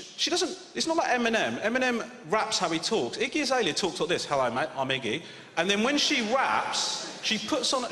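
A man doing stand-up comedy, ranting in an animated, incredulous way with sudden shouts. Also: high-pitched. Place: live comedy venue. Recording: echoey hall with audience noise.

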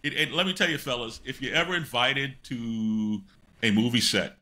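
Older male guest, animated anecdote-teller, bright tone, lots of fillers. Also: mid-range voice, normal speed. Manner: animated, rambling anecdotes with many fillers and self-interruptions. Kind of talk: storytelling in a podcast interview.

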